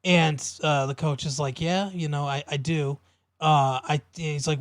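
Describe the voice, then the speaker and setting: Man, fairly high voice, dry close sound, casual podcast recap, filler-heavy. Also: dry recording. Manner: relaxed, drawn-out retelling with many fillers. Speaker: podcast co-host. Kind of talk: casual chat recapping a TV episode.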